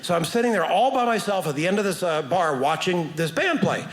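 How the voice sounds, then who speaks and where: A middle-aged man doing a stand-up comedy set on a theater stage, telling animated stories and acting out other people's lines. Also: sits high, a little fast. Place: theater stage before a live audience. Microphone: stage microphone. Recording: roomy stage sound with audience laughter.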